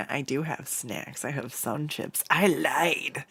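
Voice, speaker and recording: Slow, gravelly streamer rambling casually. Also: medium pitch, a bit bright, no room sound. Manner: rambling, profane, stumbling restarts. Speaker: livestreaming artist. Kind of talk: casual stream chat while drawing. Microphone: desk microphone.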